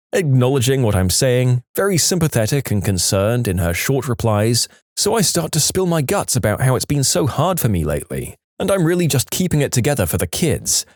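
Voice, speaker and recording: A man's voice: medium pitch, no room sound, clean studio sound. A man narrating reddit stories aloud as the show's reader, shifting voices for the people in them. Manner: lively storyteller, playing the callers in quick shifts. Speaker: story narrator.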